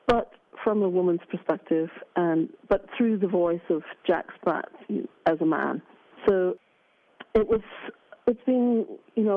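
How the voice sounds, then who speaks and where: A woman from Scotland, a performer speaking as a guest in a radio interview. She talks thoughtfully and pauses often. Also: lowish voice. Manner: thoughtful, with frequent pauses and fillers. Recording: narrow phone-like radio audio.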